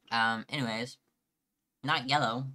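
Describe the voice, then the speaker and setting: Man, game streamer, bright voice, teasing and mock-dramatic, casual live chat. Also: medium pitch.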